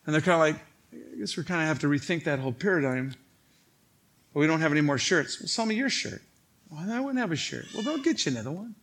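Speaking quickly in a fairly high voice, this Illinois pastor with a Chicago accent jokes his way through a humorous sermon story. He stands on a church stage facing the congregation, animatedly performing each character's lines.

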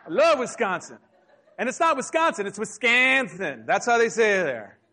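A man with a high, light voice delivers a sermon from a church pulpit. He preaches casually, mixing warnings with jokes and little acted-out exchanges. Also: huge pitch swings, brisk, sharp tone. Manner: humorous, conversational preaching with acted asides. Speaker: pastor. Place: church sanctuary.

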